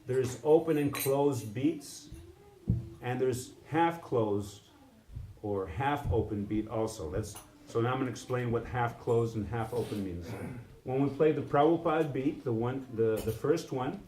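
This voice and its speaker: A man teaching a live instrument lesson, halting with frequent restarts and singing syllables to demonstrate sounds. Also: mid-range voice, dark tone. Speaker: music teacher. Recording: echoey room with background noise.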